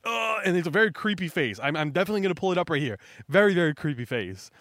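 A man's voice: a little high, very animated, racing, fairly bright tone, no echo. Chatty young man recapping a comic. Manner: rambling, filler-heavy, acts out characters in raised voices. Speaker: host recapping a manga chapter. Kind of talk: casual chat.

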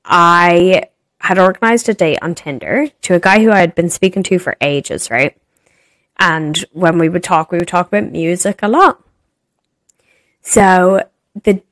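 Swearing, animated young woman podcaster. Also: lowish voice, no echo. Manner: animated, swears freely, acts out quotes. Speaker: podcast co-host. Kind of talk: casual storytelling chat.

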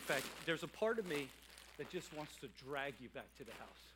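A man preaching a sermon as pastor of his church, animated and moving between loud calls and quiet asides. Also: fairly high pitch, normal speed, slight background noise. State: out of breath at times. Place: church sanctuary.

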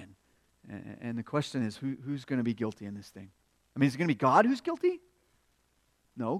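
A man preaching a sermon, working through a scripture passage, raising his voice to act out quotes and dropping low for key points. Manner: expository preaching, acts out quotes with rising pitch and volume; drops to hushed tones on key points.

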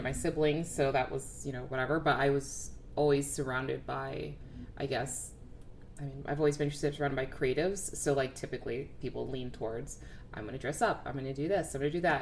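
A woman's voice: deep voice, slight background noise. A woman co-hosting a podcast, chatting in a laid-back, rambling way and laughing often. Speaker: podcast co-host. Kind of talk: casual chat.

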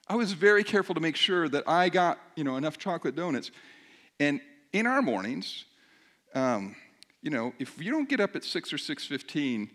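A middle-aged male pastor telling a funny personal story in a sermon, animated and self-mocking, joking with his congregation. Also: medium pitch.

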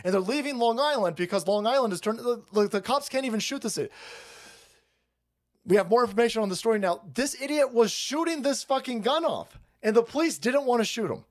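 On a livestream, a California man delivers a profane political rant in a very high, expressive, brisk voice. He swears often and laughs and mocks as he goes.

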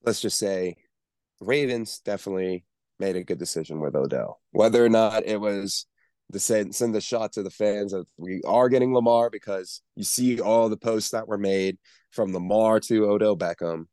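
Low-voiced male co-host, rambling casual sports talk, dry close sound. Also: normal speed, mellow, no room sound. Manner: rambling, stumbles over words. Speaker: podcast co-host.

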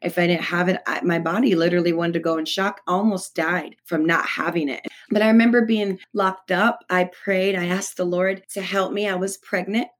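A woman's voice: fairly low pitch, steady tone, moderate pace, hardly any pauses. A woman telling her personal testimony as a podcast guest, earnest and emphatic in conversation.

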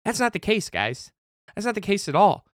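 A man with a slightly high voice hosts a casual podcast, telling a story with a lot of swearing and jumping between calm and heated. His voice is close and dry on the mic, with no room sound around it. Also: normal speed, no room sound. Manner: animated storytelling, frequent swearing. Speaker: podcast host.

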